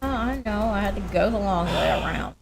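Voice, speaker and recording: A woman's voice: medium pitch, animated, a little fast, creaky. Easygoing woman in a co-op game. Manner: easygoing, agreeable, with frequent laughter. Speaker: co-op gaming partner. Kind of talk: casual gameplay chat. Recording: game music in background.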